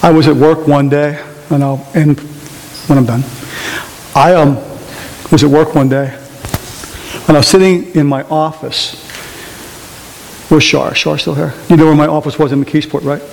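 A man preaching a sermon in a church, telling stories and mimicking other voices in an animated way. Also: a little high, moderate pace, gravelly, long pauses. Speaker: pastor. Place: church sanctuary. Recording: reverberant hall with faint hiss.

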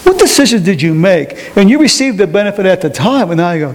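A man preaching a sermon to a congregation, repeating key phrases and questioning the audience in a slow, emphatic delivery. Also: high-pitched, sing-song. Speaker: pastor. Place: church sanctuary. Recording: long hall reverb.

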